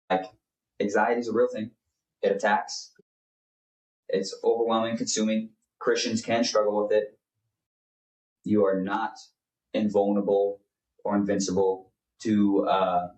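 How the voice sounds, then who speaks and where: A man's voice: on the low side, little pitch movement, measured pace, long pauses, a little mellow. Earnest young man, distant and roomy. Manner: earnest, rambling with many fillers. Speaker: podcast co-host. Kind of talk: casual faith chat.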